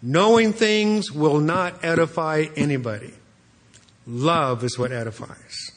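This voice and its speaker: Pastor, male, slow earnest preaching, slightly high voice, long church reverb. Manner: earnest, repeats words when restarting. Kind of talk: expository sermon.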